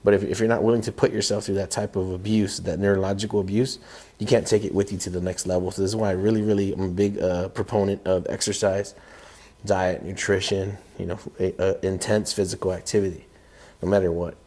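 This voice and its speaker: Deep, mellow-voiced man telling lively stories. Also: quick pace. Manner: animated storyteller who acts out his own inner voice. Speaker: podcast co-host. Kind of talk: casual podcast conversation.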